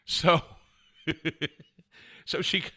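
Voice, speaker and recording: A man's voice: extremely slow, pushed and bright. A man hosting his own podcast from home, telling a story in a rambling, self-mocking way and chuckling often. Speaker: podcast host. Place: at home with a cat. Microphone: camera set up at home.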